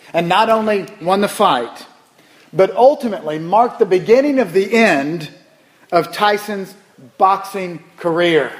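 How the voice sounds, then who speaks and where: High-voiced man preaching a sermon. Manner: animated, emphatic preaching with repeated phrases. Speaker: pastor.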